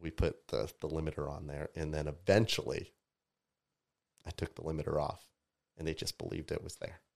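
A man with a very low voice from Tampa tells stories as a podcast guest. His telling is animated, and his voice shoots up when he acts out what other people said. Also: moderate pace, vocal fry. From Tampa, Florida. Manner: animated storyteller, voices rise sharply in quoted outbursts. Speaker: podcast guest, DJ and music producer. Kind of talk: casual storytelling chat.

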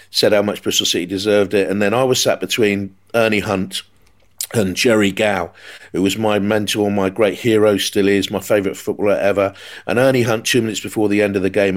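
A man hosting a football podcast, telling animated anecdotes and mimicking the people in them. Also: fairly low pitch. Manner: animated anecdote-teller, mimics voices in his stories. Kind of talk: storytelling chat.

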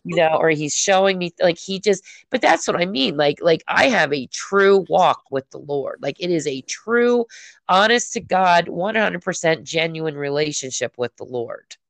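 A woman in casual conversation about her faith, telling stories in an animated way and acting out her own prayers. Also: on the low side, moderate pace, vocal fry, no room sound.

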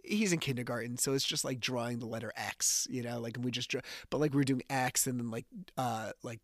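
Man, podcast host, casual storytelling, animated, acts out dialogue, mid pitch, gravelly. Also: brisk, no echo, studio quality.

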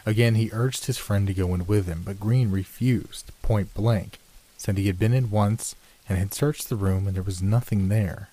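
A man reading a classic ghost story aloud, in measured storytelling narration. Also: fairly even intonation, dark tone. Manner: measured storytelling, lifts pitch for dialogue. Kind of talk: scripted audiobook narration.

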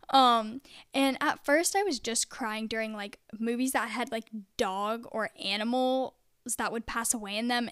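A young woman speaking in a relaxed, confessional vlog style, her voice a touch high and smooth. She rambles chattily, leaning on "like" constantly. The sound is close and dry with no room echo. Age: young adult. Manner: chatty, peppered with "like". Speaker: vlogger.

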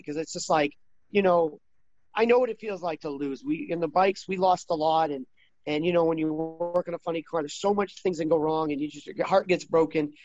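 A man in his thirties talking casually as an interview guest, rambling with many restarts and getting animated when he quotes others. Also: on the high side, dull audio.

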